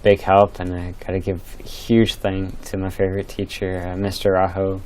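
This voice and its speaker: Young male student, very deep and monotone, earnest. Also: a little hiss or hum, low-quality recording. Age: late teens. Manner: measured, earnest, with fillers. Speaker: graduating student. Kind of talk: interview answers.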